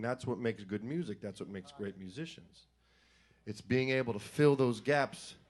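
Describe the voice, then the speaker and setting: A middle-aged man fronting a band, chatting and joking with a live audience between songs on a stage mic. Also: mid-range voice. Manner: joking, chatty, breaks into sung examples. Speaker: singer and frontman. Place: live music venue stage.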